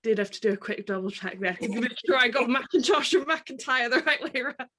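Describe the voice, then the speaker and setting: A woman's voice: a little high, steady tone, brisk, background noise. A woman hosting an interview, introducing guests and asking friendly, rambling questions with fillers. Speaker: host.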